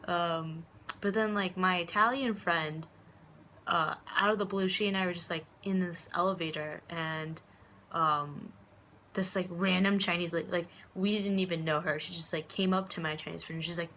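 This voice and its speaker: A woman's voice: lowish voice, fairly even intonation, normal speed, sharp tone, slight background noise. A young woman from the United States rambling casually in a vlog, full of fillers and restarts, acting out the voices of people she quotes. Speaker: vlogger.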